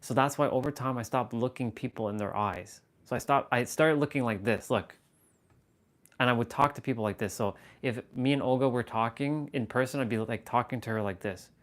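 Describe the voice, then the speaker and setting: A man hosting a casual livestream, talking to his viewers in a rambling, self-amused way, sometimes slowing into a hushed, intense delivery, into a camera on a tripod at eye level. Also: mid-range voice. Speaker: livestream host.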